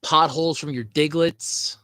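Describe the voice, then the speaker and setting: A man's voice: a little high, fairly even intonation, unhurried, bright, forceful tone, no echo. A man hosting a podcast in casual, rambling chat, swearing freely and laughing at his own jokes. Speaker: podcast host.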